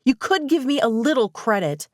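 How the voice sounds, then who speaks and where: A woman audiobook narrator voicing a spirited, quick-tempered young woman in a romance story, in an emphatic, rising tone. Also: medium pitch, big pitch swings, no room sound, studio quality, voice pushed up, close to an everyday voice. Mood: upset.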